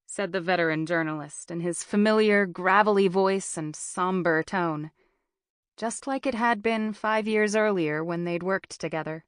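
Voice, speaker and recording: A woman narrating a thriller audiobook in a slow, deliberate way. Her voice sits a little low and the delivery stays measured and even. The close studio recording is dry, with no room sound. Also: clean tone, no echo. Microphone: close studio mic.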